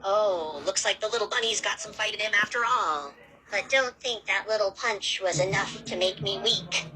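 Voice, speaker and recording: A woman's voice: medium pitch, normal speed, bright, forceful tone, natural voice, rough recording. A woman voicing a huge, cruel male monster who taunts and gloats, in an amateur fan audio drama. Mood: mocking.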